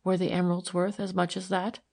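A woman reading the part of a calm, gentle woman who asks steady, careful questions, in an audiobook. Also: on the low side, brisk, vocal fry.

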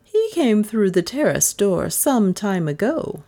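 A woman reading a storybook voices a composed older lady who explains events briskly. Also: medium pitch, sing-song, warm tone, pitched above the performer's own voice, heavily acted.

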